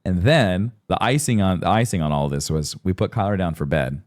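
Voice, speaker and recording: A man's voice: low voice, brisk. A man in his thirties co-hosting a podcast in casual chat, telling stories animatedly and acting out voices. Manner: animated storyteller, acts out voices. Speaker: podcast co-host.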